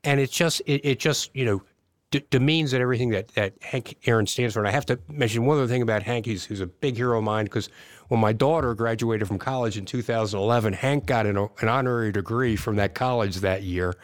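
A man, a lawyer who is a guest on a podcast, answering questions in a measured, thoughtful way. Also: mid-range voice, no echo, studio quality. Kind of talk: interview conversation.

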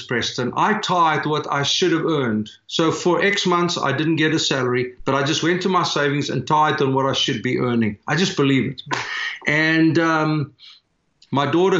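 A South African man in his fifties, a church planter, tells earnest, heartfelt stories as a podcast interview guest, often restarting his sentences. His voice is a little high and a bit bright. The remote recording sounds roomy and dull.

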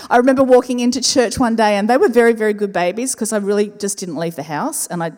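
Woman, fifties, pastor, sermon, expressive, emphatic repetition, long hall reverb. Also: mid-range voice. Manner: expressive storyteller, slows and repeats for emphasis. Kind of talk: sermon with personal story. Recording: reverberant church hall with faint music.

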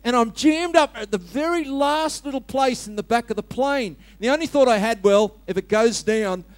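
A man's voice: extremely high pitch, normal speed, no echo. A man preaching a sermon, telling humorous stories and speaking directly to his congregation.

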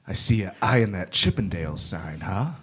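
Low-voiced, a swaggering bully of a rival stripper, played by a man throws loud, mocking taunts in an improvised comedy bit. The voice sits deep and heavy, and the taunting never lets up. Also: slightly rough, heavily acted.

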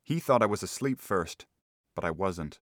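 Low-voiced man narrating a classic story. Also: lively intonation, normal speed, fairly bright tone, no room sound, studio quality. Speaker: audiobook narrator.

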